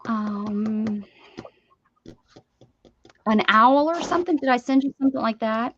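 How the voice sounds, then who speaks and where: A woman's voice: fairly high pitch, measured pace, a bit bright. Chatty woman hosting a craft stream. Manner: chatty, jokey, laughs often. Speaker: craft livestream host. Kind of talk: casual chat while opening mail. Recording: dull lo-fi stream audio with faint hiss.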